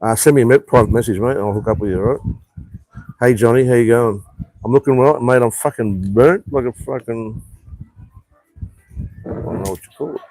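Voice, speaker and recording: A man's voice: medium pitch, fairly quick, long pauses, a little mellow, no echo. A man chatting on a rambling live stream from an outdoor rooftop bar, swearing freely and reading out viewer comments. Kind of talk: casual live stream chat.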